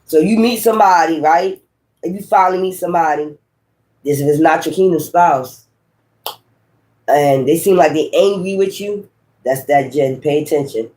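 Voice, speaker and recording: A man with a high voice gives a loose, profane spiritual reading. He speaks straight to his viewers with emphasis and keeps tossing in "right?" and "okay?" as he goes. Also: moderate pace, a little mellow. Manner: frequent rhetorical tag questions. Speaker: tarot reader.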